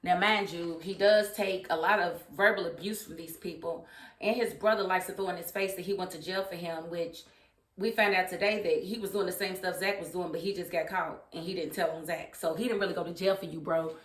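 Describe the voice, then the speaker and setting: A woman's voice: on the low side, fairly quick. A woman recapping and reviewing a TV series in a casual, opinionated vlog, speaking animatedly and acting out the characters. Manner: animated, opinionated, quotes characters in funny voices. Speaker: TV show reviewer. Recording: roomy echo.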